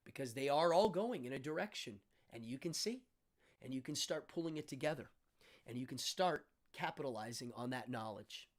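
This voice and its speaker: A man's voice: mid-range voice, expressive, normal speed. Laid-back middle-aged male stream host. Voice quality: laid-back, slangy, with frequent ums and uhs. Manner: upbeat sign-off, shouting out viewers by name. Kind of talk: casual live-stream chat.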